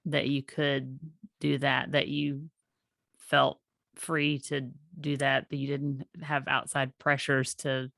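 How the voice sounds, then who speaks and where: A woman with a very low voice talks in a chatty, empathetic way as a podcast host. Her sound is dry and close to the mic. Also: flat delivery, slow pace, vocal fry, a bit bright, no echo. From US South. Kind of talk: casual conversation.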